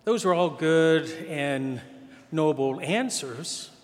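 A man's voice: fairly high pitch, lively intonation, slow pace. A man preaching a sermon as pastor, telling the gospel story conversationally and acting out the quoted voices. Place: church. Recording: long hall reverb.

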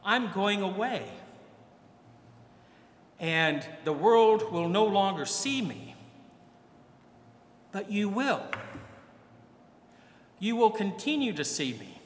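Slow high-voiced man preaching in an echoey church. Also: expressive, slight background noise. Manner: conversational preaching, acts out quoted voices. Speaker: priest. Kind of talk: sermon.

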